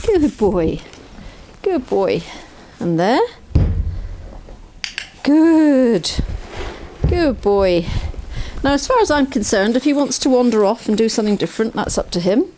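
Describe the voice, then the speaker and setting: Beside a trailer outdoors, a woman explains her horse training as she works, encouraging the animal with upbeat praise. Her voice is a little high and warm, and the recording carries a bit of hiss or hum.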